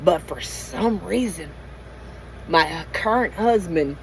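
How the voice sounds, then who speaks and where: A woman's voice: fairly low pitch, lively intonation, takes it slowly, slight background noise, rough recording. A middle-aged woman in a candid late-night vlog rant from inside her van, venting emotionally and profanely with many restarts. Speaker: van-life vlogger.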